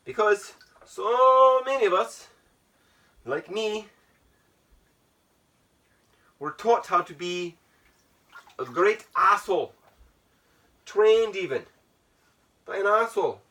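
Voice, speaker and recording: A man talks in a put-on Irish brogue, rambling and poking fun at himself as he thinks out loud. His voice is fairly high, bright and sharp, and it swoops up and down a lot. He sounds a little far from the mic. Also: expressive, slow, pauses often. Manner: rambling, self-mocking, musing aloud. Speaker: vlogger. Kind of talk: casual reflective monologue. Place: sitting in an ice bath at home.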